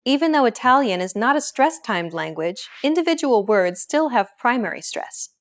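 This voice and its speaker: A woman's voice: a little high, very animated, normal speed. Woman narrating a pronunciation lesson. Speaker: language teacher narrator.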